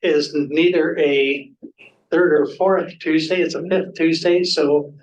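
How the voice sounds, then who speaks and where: A man chairs a formal council meeting in a measured, procedural way, pausing on frequent ums. His voice sits a little high for a man. He is picked up from across a reverberant chamber. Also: fairly even intonation. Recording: echoey room, voice from a distance.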